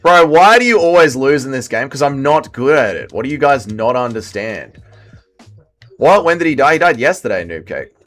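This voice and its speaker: A man in his thirties bantering on a gaming livestream. His pitch swings widely as he jokes, reads chat messages aloud and hypes up his own moves. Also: very animated, moderate pace, fairly bright tone, soft background music. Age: 30s. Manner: banter, reading chat aloud while playing. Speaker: streamer. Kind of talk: casual livestream gaming commentary.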